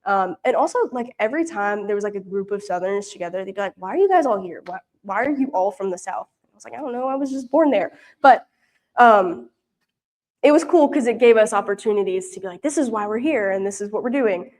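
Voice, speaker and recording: A woman's voice: mid-range voice, animated, quick pace, a little mellow. A young woman from Louisiana giving a casual, rambling report at a church prayer meeting, full of fillers and restarts. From Louisiana, US South. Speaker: mission intern giving a report. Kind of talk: casual storytelling talk.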